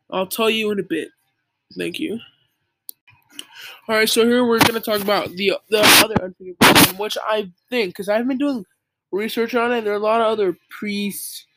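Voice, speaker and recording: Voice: medium pitch, a bit bright, dry recording. A young speaker in a casual, earnest monologue, lecturing the listener with many "like" fillers. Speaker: young believer giving religious advice. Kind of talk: casual preachy monologue to camera.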